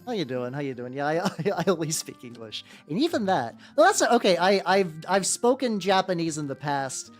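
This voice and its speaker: A woman from America hosts a relaxed livestream, greeting chat and rambling while she paints. Her voice sits low but swings widely in pitch, and she swears freely. Soft music plays underneath. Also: normal speed, hardly any pauses. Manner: rambling, profane, chatty with viewers. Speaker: miniature-painting VTuber streamer. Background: faint background music.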